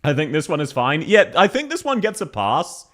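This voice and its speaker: Brief: Australian male streamer, chatty and quick to laugh, lively pitch. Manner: chatty, laughs often, greets chat. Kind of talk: livestream commentary.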